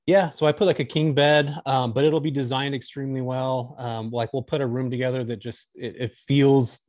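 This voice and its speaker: A man's voice: mid-range voice, level tone, moderate pace, a little mellow, dry recording, studio quality. A man talking candidly and enthusiastically as a guest on a casual podcast chat. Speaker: guest, short-term rental host.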